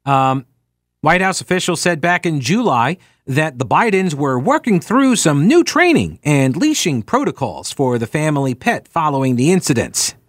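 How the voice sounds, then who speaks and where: A man's voice: on the high side, big pitch swings, normal speed, no echo, studio quality. A man hosting a talk radio show, delivering an opinion monologue full of sarcastic, jokey asides.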